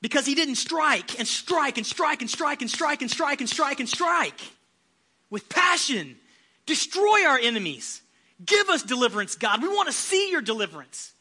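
A male pastor preaching a passionate sermon, building to loud, emphatic shouts. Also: extremely high pitch, sing-song, moderate pace.

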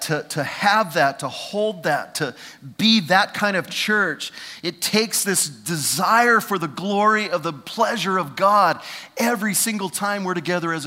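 A man in his fifties preaching a sermon as pastor, swinging between loud preaching and hushed asides. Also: fairly high pitch, in a large hall. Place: church.

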